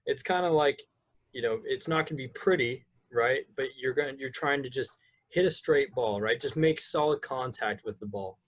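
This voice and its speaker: An upbeat man hosting a casual sports podcast. His voice is mid-pitched, and he banters easily before rolling into long, rambling questions. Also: normal speed. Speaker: podcast host.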